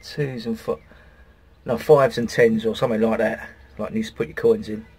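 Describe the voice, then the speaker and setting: Outdoors by his campervan in the sun, a middle-aged man rambles casually through a vlog, swearing now and then. His voice sits lowish and is a little mellow and husky, with fairly even intonation and a moderate pace.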